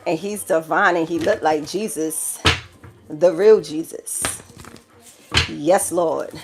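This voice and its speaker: A woman's voice: sits low, steady tone, slow, over music. A woman with a New York accent giving a collective tarot reading, blunt and profane, preaching to viewers and calling them child and baby. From the Bronx, New York. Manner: blunt and profane, laughing through the talk. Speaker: tarot reader.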